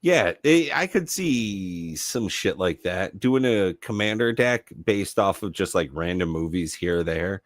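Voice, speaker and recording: A man's voice: low voice, animated, a little slow, hardly any pauses, no echo. A man co-hosting a casual card-game podcast, joking and rambling with lots of fillers. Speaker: podcast co-host. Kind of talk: casual chat.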